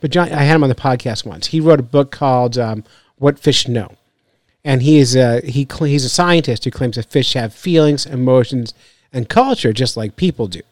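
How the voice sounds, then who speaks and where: A man's voice: mid-range voice, moderate pace, a little mellow, no room sound. A man hosting a fishing podcast, chatting casually in a joking, rambling way and laughing often. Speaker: podcast host. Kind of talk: casual chat.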